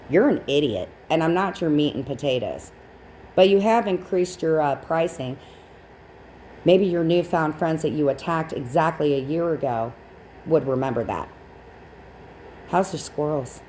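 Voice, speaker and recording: A woman with a deep, warm voice speaks at a moderate pace while hosting a livestream, with a little hiss or hum in the audio. Her reaction commentary on clips is blunt, sarcastic, and profane.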